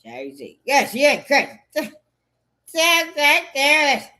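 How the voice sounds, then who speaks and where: A woman's voice: sits high, sing-song, very slow, sharp tone. A woman in a rambling, profane monologue, full of cursing and repetitive outbursts.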